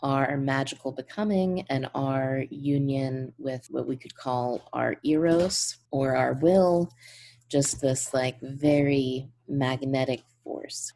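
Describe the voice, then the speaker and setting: A woman's voice: extremely low pitch, slow, dark tone. A woman guest in a casual interview, speaking earnestly and effusively and laughing often. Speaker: podcast guest.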